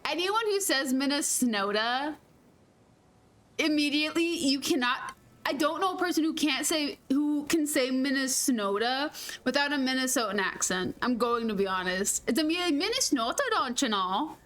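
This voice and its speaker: High-voiced chatty woman streamer. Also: normal speed, a bit bright. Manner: chatty, laughs often, playful mild cursing. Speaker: game streamer. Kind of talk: casual gameplay chat.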